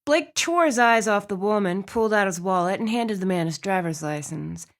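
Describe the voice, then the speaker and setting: A woman's voice: medium pitch, moderate pace. Woman narrating a romance audiobook. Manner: expressive storytelling. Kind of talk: scripted narration.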